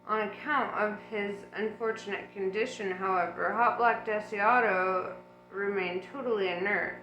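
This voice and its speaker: A woman reading an audiobook aloud in an unhurried, relaxed way, with chatty asides. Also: mid-range voice, echoey room, muffled recording, soft background music. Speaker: audiobook reader.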